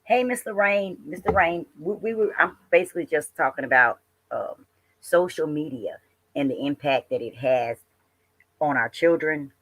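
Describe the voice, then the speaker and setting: Halting livestream host, lots of fillers. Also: medium pitch, fairly bright tone, poor audio. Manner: halting, many fillers, talks to viewers directly. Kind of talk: livestream commentary.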